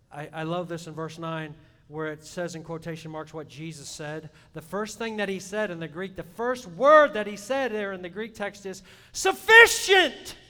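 A man delivers a sermon with a bright, forceful tone and a fairly high voice. He swings from loud emphatic peaks down to soft, hushed asides. A long reverb trails his words, with a faint rumble and hiss underneath. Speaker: preacher. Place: church.

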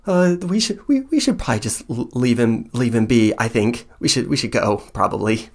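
A man's voice: mid-range voice, animated, normal speed. A man voicing a timid, nervous female companion in a tabletop game, stammering and pleading. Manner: stammering, hesitant.

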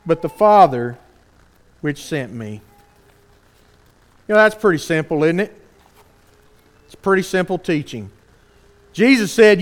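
A man preaching a sermon, earnest and animated, asking the congregation rhetorical questions. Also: high-pitched.

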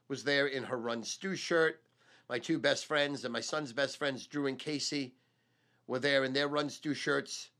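Brash middle-aged male host, bright forceful voice, boastful and profane. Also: mid-range voice. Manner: brash, crude and boastful, heavy swearing. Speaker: sports betting tipster hosting his own show. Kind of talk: boastful monologue.

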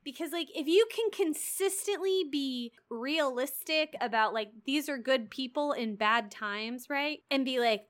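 A young adult woman co-hosting a casual book discussion, recapping the plot in an animated, profane way with frequent laughs. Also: high voice, a little slow, few pauses. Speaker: podcast co-host.

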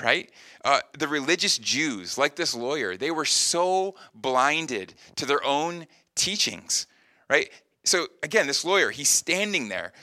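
A pastor with a medium-pitched, sharp-toned voice preaches in an earnest, conversational style, recorded without echo. He checks in with his listeners often, dropping frequent "right?" asides.

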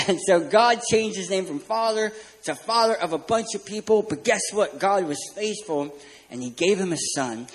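A pastor delivers a sermon full of jokes and lively asides. He speaks in a high voice for a man, moving easily between humor and earnest points. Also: low-quality recording. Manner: joking, animated storyteller. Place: church stage.

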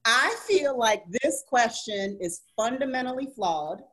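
A woman co-hosting a podcast, chatting casually in a lively, playful way. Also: a little high, a little slow. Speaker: podcast co-host. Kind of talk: casual chat.

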